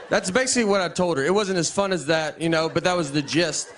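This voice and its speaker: Man, stand-up comic, deadpan, halting, slightly high voice, crowd laughter, noisy venue. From Tennessee. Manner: deadpan, halting delivery with many restarts. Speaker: stand-up comedian. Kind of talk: stand-up comedy set. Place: live comedy venue. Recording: live set with crowd laughter and noise.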